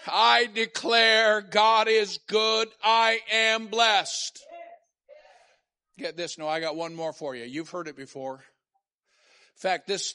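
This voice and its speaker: High-voiced man preaching a shouting sermon. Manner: preaching, swings from low talk to shouted call-and-response. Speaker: pastor. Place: church.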